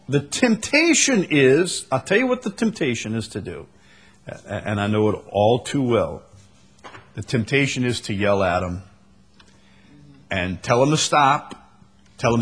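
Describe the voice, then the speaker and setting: Animated preacher man. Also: high voice, unhurried, pauses often, husky. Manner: animated, acts out scenes with raised voice. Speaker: pastor. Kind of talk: sermon with congregation questions.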